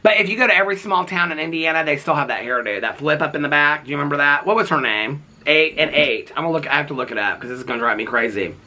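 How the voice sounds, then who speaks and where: Sassy, bright-voiced man dishing gossip. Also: on the high side, racing, hardly any pauses, slight background noise. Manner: chatty, sassy, keeps asking "okay?". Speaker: reality TV commentator. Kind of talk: casual gossipy commentary.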